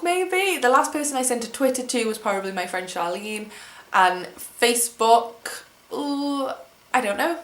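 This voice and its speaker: A vlogger from England, in her twenties, chats through tag questions at home with a fairly high voice in an echoey room. Her manner is wry and self-deprecating.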